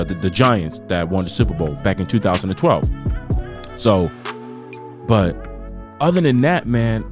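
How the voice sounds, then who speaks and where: A man from New York hosting a podcast, venting about sports in a rambling, animated way with many repeats. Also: a little high. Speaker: podcast host. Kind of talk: casual solo podcast chat.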